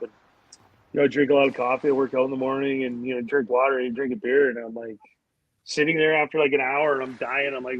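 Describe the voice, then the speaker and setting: A fast-talking man with a mid-range voice, once a pro hockey player, chats on a podcast through rambling, energetic tales full of fillers and do-overs. The recording has a muffled, lo-fi quality.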